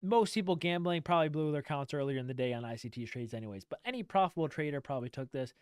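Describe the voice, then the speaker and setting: A man's voice: fairly high pitch, expressive, racing, clean tone, dry recording, studio quality. A trading streamer talking straight to his viewers in an emphatic, repetitive rant, swearing casually. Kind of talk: direct-to-camera rant.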